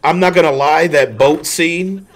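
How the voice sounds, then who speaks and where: Male co-host, slightly high voice, animated and profane, casual chat. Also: soft background music. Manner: animated, profane, quick to laugh. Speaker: podcast co-host.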